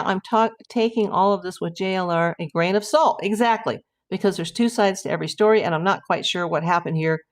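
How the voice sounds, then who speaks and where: A middle-aged woman hosting a casual livestream, chatting and reading viewer comments aloud in a rambling way. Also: on the low side. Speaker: livestream host.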